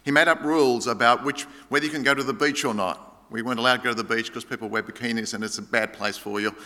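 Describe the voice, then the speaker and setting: Pastor preaching in a reverberant hall. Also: male voice, fast talker. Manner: animated preaching, rising for emphasis and dropping low. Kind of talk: sermon. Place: church hall.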